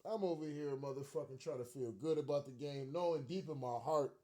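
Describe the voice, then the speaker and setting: A man's voice: fairly high pitch, a little fast, warm tone. A man ranting as a frustrated fan on his own show, profane and slangy, repeating himself and laughing in disbelief. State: upset and frustrated. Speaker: sports rant vlogger. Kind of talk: fired-up fan rant.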